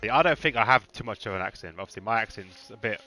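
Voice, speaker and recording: Bright-voiced Cockney man commentating. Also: on the low side, lively intonation, fast talker, soft background music. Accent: Cockney with a slight Birmingham twang. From East London. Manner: chatty, laughs often, mimics accents. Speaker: race commentator. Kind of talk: casual live sim-racing commentary.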